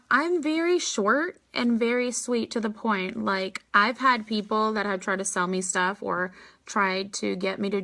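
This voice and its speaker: A woman's voice: fairly high pitch, pushed and bright. A woman answering viewer questions in a casual live Q&A, chatty and blunt, often acting out what she says to people. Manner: chatty and blunt, quick asides, acts out her replies. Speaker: network marketing leader answering viewer questions.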